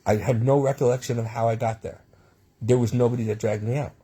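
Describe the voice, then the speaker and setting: A man's voice: medium pitch, steady tone, fast talker, dark tone, breathy edge. A man telling his own life stories in a rambling way, with frequent restarts and asides. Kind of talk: personal storytelling monologue.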